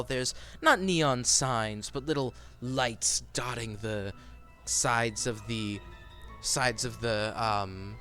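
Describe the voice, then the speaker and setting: A man's voice: medium pitch, a bit bright. A man narrating a tabletop game as game master in a loose, rambling way. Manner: loose, rambling, lots of fillers and restarts.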